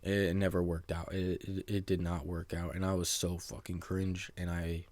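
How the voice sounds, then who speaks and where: A man's voice: low-pitched, little pitch movement, moderate pace, darkish tone, no echo. A young man telling an embarrassing story from his school days in a rambling, self-mocking casual monologue, full of "like" and "bro".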